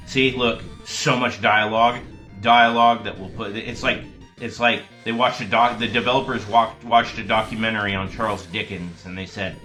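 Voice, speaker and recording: With a fairly low, sharp-toned voice, this man speaks steadily and without hurry. He's running his gaming channel, chatting loosely and wandering between jokes during play. Faint game music sits under the commentary.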